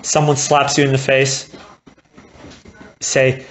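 Very low-voiced woman preaching conversationally. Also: measured pace, rough recording. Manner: conversational, acting out quoted voices. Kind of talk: sermon. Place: church altar gathering.

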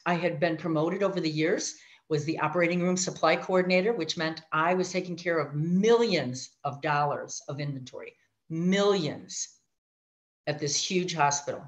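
A middle-aged woman sharing her life story, animated, acting out voices and speaking asides to her listeners. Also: low voice, normal speed. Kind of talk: personal testimony talk. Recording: dull lo-fi audio.

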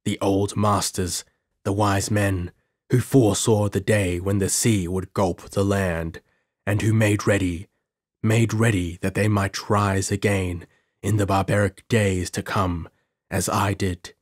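Man reading an ancient male sorcerer, proud, solemn, deep-set voice, slow deliberate speech, dry close sound. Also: steady tone, no room sound. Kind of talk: audiobook character reading.

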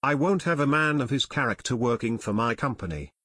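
A man's voice: mid-range voice, lively intonation, a little fast, fairly bright tone, breathy edge, dry recording, studio quality. A man voicing a concerned middle-aged company owner who speaks in an earnest, businesslike way.

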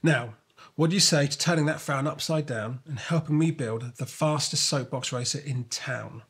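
A man voicing a gentle, wise father in a storybook reading, speaking softly and reassuringly. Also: medium pitch, normal speed, breathy edge. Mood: kind.

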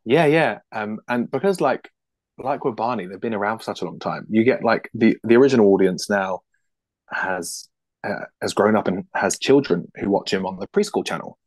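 British man, puppeteer guest, animated, laughing often, low-pitched, dry close sound. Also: normal speed, dry recording. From United Kingdom. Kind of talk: casual interview chat.

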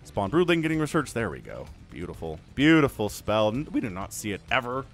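A man gives casual solo commentary on a strategy game as a shoutcaster, chatty and full of joking asides. His mid-range voice has big pitch swings and moves a little fast. Soft background music plays.

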